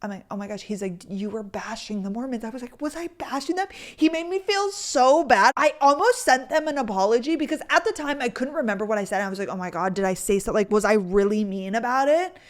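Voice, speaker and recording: A young woman in her twenties hosting a podcast, telling a story in a chatty, animated, self-deprecating way. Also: a little high, fast talker, few pauses. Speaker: podcast host. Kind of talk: casual storytelling chat.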